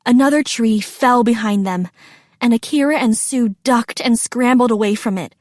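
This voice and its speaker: A woman narrating a children's storybook with a steady, deliberate reading. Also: on the high side, dry recording, clean studio sound.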